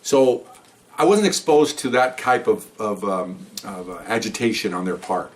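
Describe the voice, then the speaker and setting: A man's voice: lowish voice, lively intonation, normal speed. An older man, a retired police officer, telling a story from his career in a conversational, rambling way with many asides. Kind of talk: storytelling monologue.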